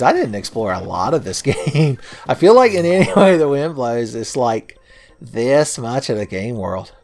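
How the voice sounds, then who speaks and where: A man's voice: medium pitch, darkish tone. A man giving casual, joking commentary over a video game, swearing freely and breaking into laughter. He talks into a home microphone set close. Faint game music plays underneath. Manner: profane, joking, laughs often. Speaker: let's play host. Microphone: home mic, close.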